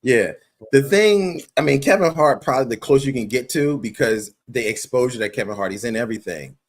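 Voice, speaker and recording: Male co-host for a casual reaction show, animated and profane, mid pitch. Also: fairly quick. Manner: animated, profane, laughs often.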